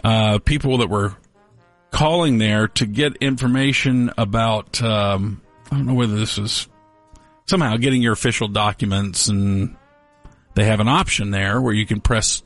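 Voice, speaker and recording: A man's voice: fairly low pitch, normal speed, no room sound, faint music behind. A man co-hosting a casual talk show, rambling through odd news stories with a wry, joking manner. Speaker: co-host.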